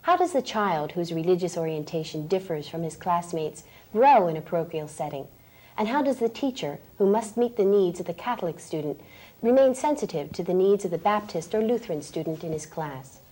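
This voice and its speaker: Mellow-voiced woman hosting a TV program. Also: lowish voice, expressive. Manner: clear, measured read of prepared lines. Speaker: program host. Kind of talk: scripted TV magazine hosting. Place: 1980s TV studio.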